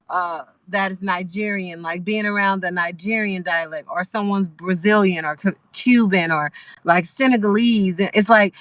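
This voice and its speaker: A woman's voice: medium pitch, sharp tone, no echo, poor audio. A woman from Los Angeles, a guest musician, talking casually and thoughtfully with lots of restarts over a video call. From Los Angeles, USA. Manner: talkative, thoughtful, many restarts. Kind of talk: casual chat.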